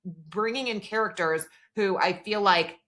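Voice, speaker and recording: A woman's voice: mid-range voice, unhurried, a bit bright. A woman co-hosting a podcast in casual chat, retelling scenes and reading out dialogue, with lots of "like" fillers. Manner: frequent "like" fillers. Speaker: podcast co-host.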